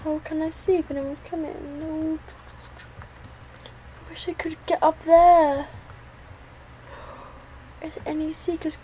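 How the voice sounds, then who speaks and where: A high-pitched woman narrates her game as she plays, jumpy and thinking aloud. She talks slowly and mutters her next moves as they come to her. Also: level tone, dark tone, a little hiss or hum, rough recording. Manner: jittery, talks to herself while playing. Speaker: gaming channel host. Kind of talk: let's play commentary.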